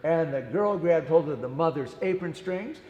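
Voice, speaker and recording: A man's voice: on the high side, lively intonation, normal speed, a little mellow, lo-fi sound. A man telling a picture-book story to young children, acting it out playfully and giving the characters their own voices. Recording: echoey room with long reverb.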